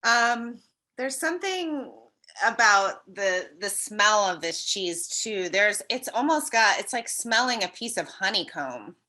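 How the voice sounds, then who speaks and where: A woman speaking as a cheese expert on a webinar, relaxed and casual, with loose wording and fillers. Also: mid-range voice, takes it slowly.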